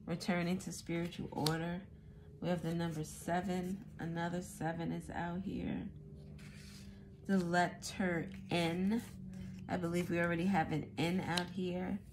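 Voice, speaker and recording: Slow, low-voiced woman musing aloud. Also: noisy background. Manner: musing aloud, thinking out loud. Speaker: tarot reader. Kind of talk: casual tarot reading monologue.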